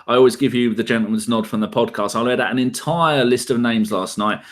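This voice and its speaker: A man talking very fast on a casual podcast. He rants with lively energy and swears freely as he goes. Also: mid-range voice. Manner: fast animated ranting, heavy swearing. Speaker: podcast co-host.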